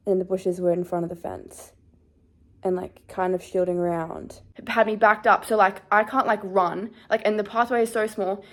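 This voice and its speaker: A woman's voice: medium pitch, steady tone, normal speed. Shaken young woman telling a scary story. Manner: shaken, rambling, heavy use of "like". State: shaky and scared. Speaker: vlogger. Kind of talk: casual storytime chat.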